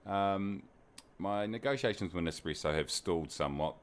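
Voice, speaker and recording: A man's voice: deep voice, moderate pace. A man with a New Zealand accent, hosting a flight-sim live stream in casual, jokey chat and greeting viewers by name. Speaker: flight sim livestream host.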